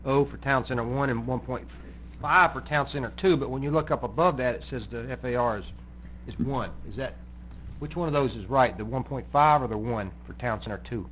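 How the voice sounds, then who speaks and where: A man chairing a county commission meeting who runs the votes in a plainspoken, folksy and brisk way. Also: medium pitch. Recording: muffled recording with faint noise.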